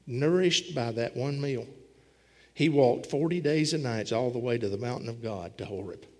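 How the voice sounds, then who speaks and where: A man's voice: medium pitch, moderate pace, a little mellow. A man preaching a sermon as a pastor, with a folksy storytelling manner. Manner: folksy storytelling preacher, voicing scripture characters. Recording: long hall reverb.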